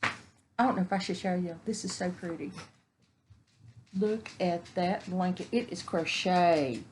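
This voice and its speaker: A woman's voice: lowish voice, a little slow, a little mellow, a little hiss or hum. A woman, chatting casually while unboxing crafts at home, gushing and exclaiming over each find. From Texas. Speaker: vlogger. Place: home indoors, evening.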